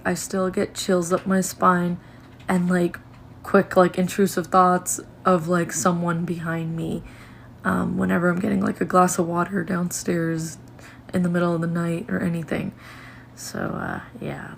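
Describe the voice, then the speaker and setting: A woman's voice: lowish voice, vocal fry, slight background noise. A young woman from Canada casually telling a ghost story while walking through a house, chatty and full of filler words.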